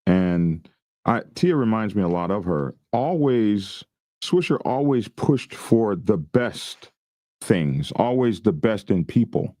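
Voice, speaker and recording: A middle-aged man hosting a casual podcast, talking in a halting, laid-back way and laughing at himself. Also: on the low side, sing-song, dark tone, no echo, clean studio sound. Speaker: podcast host.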